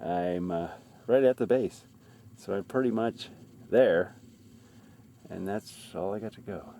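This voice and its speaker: A man narrating his mountain hike to a handheld camera outdoors, talking in a halting way with frequent fillers. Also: low voice, mellow, slight background noise. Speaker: hiker filming his climb. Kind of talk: casual hiking vlog narration.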